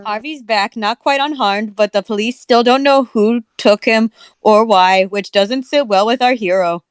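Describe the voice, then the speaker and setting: A woman's voice: fairly high pitch, a little slow, smooth, no room sound, soft background music. A woman co-hosting a podcast, dry and matter-of-fact, reading aloud between chat.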